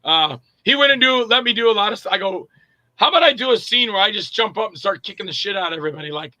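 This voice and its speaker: A man's voice: high voice, fast talker, dry recording, rough recording. A middle-aged man, an actor and director, casually telling stories in an interview and acting out quoted dialogue with plenty of fillers. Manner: animated, acts out quoted dialogue, frequent fillers.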